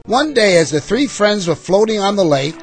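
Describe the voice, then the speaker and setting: Animated male storyteller reading aloud. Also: sits high, normal speed, loud music behind the voice. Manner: expressive, animated. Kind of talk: children's story read-aloud.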